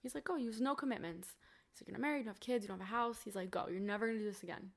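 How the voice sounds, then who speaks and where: A gravelly, medium-pitched woman in her twenties talks at a rapid-fire clip as a podcast guest. She tells a personal story in a chatty casual interview, leaning on lots of "like" fillers and quoting her family in dialogue.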